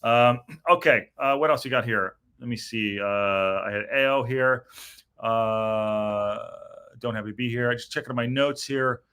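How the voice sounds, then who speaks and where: A man's voice: medium pitch, measured pace, a bit bright, clean tone. A middle-aged man hosting a post-match reaction stream, rambling and swearing in frustration as he reads viewer comments. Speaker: podcast host reading chat.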